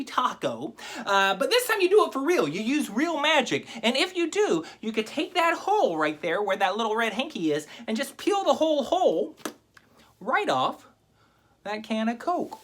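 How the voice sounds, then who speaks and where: Joking, rambling male magician, lively voice. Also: high voice. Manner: joking, rambling, self-interrupting. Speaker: magician teaching a trick. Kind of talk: comic magic lecture to camera. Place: home video recording.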